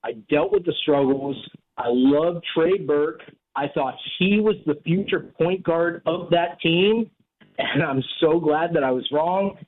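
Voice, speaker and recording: A man's voice: fairly high pitch, a little slow. Grateful male caller on a phone line. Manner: heartfelt, grateful. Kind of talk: phone-in call to radio.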